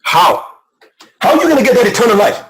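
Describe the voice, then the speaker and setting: Brief: male guest preacher, high-pitched, fervent and emotional, sermon delivery. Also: lively intonation, fast, rough recording. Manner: impassioned, repetitive, rising to shouts. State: emotional, near tears.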